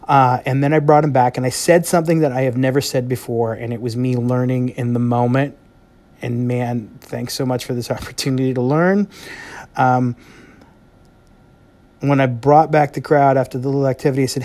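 A man hosting a solo podcast, talking in an earnest, heartfelt way with pauses. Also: mid-range voice, steady tone, darkish tone. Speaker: podcast host and speaker. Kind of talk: reflective solo podcast monologue.

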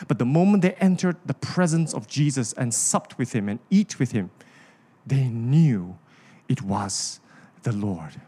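A man's voice: mid-range voice, animated, measured pace, warm tone, breathy edge. A man, preaching a sermon with an impassioned, repetitive cadence. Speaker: pastor.

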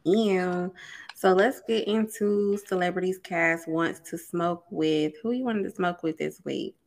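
A woman's voice: lowish voice, measured pace, a little mellow. A young adult woman co-hosting a podcast, chatting casually, laid-back and profane, laughing often. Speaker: podcast co-host. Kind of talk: casual chat.

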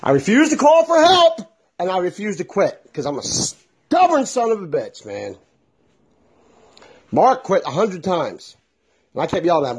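Animated husky-voiced man ranting. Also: on the high side, moderate pace. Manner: animated, swearing, exasperated. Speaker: vlogger. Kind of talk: casual storytelling rant.

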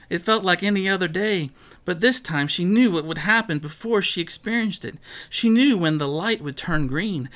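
Bright-voiced man reading a story aloud. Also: a little high. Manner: animated, acts out each character.

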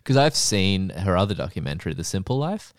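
Low, gravelly young man hosting a podcast. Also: very animated, fairly quick, no echo, studio quality. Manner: joking, laughs a lot, swears casually. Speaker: podcast host. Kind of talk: casual chat.

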